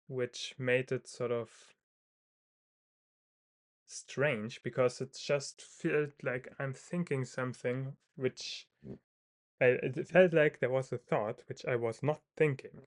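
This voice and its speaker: A man talks through his thoughts in a loose, casual monologue. He hesitates often, restarts sentences and leans on fillers, in a mid-pitched, ordinary voice. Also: fairly even intonation, takes it slowly. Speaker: video creator. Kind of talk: thinking aloud, casual monologue.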